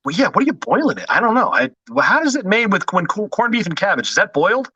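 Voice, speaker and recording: A man's voice: high voice, big pitch swings, fast talker, pushed and bright, breathy edge, no echo, dull audio. A man hosting a podcast in casual chat, joking and self-deprecating in loose banter.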